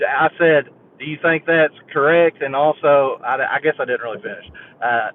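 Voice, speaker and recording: A man's voice: medium pitch, steady tone, moderate pace. A man calling in to a sports show, telling a rambling fan story and laughing as he goes. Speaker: caller. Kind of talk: phone-in chat. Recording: tinny phone line with faint hiss.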